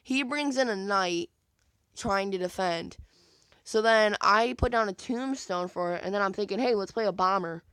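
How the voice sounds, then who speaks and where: A man's voice: high-pitched, a little slow, sharp tone, smooth, no echo. A young man giving casual commentary on his own gameplay, rambling and acting out his own thoughts in quotes with many fillers. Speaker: gaming video creator.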